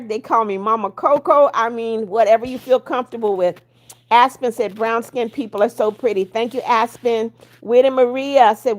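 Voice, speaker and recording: A woman hosts her own livestream, reading out viewer comments one by one and replying in a casual way. Her voice sits a little high, and she stays firm and blunt as she warns rule-breakers. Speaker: livestream host.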